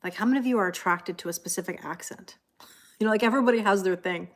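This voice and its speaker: A woman's voice: medium pitch, quick pace. A woman, a tarot reader chatting casually on a live stream, laughing often and reading viewer comments aloud. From Canada.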